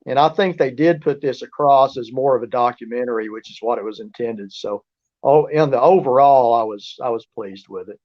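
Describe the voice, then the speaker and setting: A man tells stories as an interview guest, rambling and restarting his sentences. His voice sits at an ordinary middle pitch. The audio is dull and lo-fi. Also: brisk. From southeast Oklahoma. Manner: rambling, with many restarts and fillers. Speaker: guest, researcher and author. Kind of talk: casual storytelling interview.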